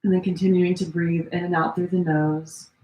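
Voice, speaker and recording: A woman teaching a gentle yoga class, giving relaxed, chatty cues with many fillers while she demonstrates the poses, a little strained as she holds them. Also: lowish voice, normal speed. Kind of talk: live-streamed yoga class instruction. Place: room at home. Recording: echoey room.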